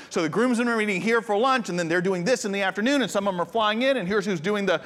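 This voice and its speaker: A pastor telling a personal story in a sermon, in a conversational way with restarts, and later drawing into a hushed tone. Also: male voice, high voice, very fast, hardly any pauses, long reverb tail.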